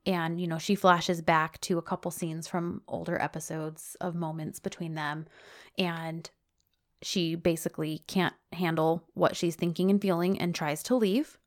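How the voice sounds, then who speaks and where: A woman co-hosting a casual podcast, retelling a TV scene in animated detail and reading out the dialogue. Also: on the low side, measured pace. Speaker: podcast co-host recapping a TV episode. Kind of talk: casual chat.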